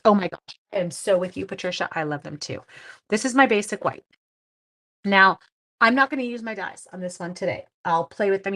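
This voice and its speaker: A woman's voice: mid-range voice, fairly bright tone. A middle-aged woman hosting a casual craft live stream, chatting to viewers and greeting them by name as she works. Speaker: stamping demonstrator and live stream host.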